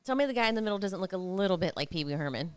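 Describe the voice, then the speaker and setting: A woman's voice: medium pitch, expressive, very fast, clear, resonant tone. A woman co-hosting a casual podcast, chatty and teasing as she reacts to a wrestling show. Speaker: podcast co-host. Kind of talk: casual chat watching wrestling.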